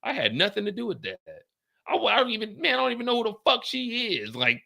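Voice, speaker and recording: A man in his late thirties hosts a casual livestream, talking straight to his viewers. His voice is bright and forceful, with a gravelly edge, and it swings widely in pitch as he tells his story in a loose, profane way. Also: fast. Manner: animated, profane, talks straight to chat. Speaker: livestream host.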